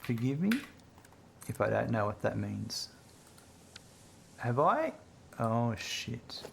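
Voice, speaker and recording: Male game streamer, casual and joking, mid pitch, faint background hiss. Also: sing-song, slow, gravelly. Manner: chatty, laughs easily, reads chat aloud. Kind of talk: casual gameplay chat with viewers.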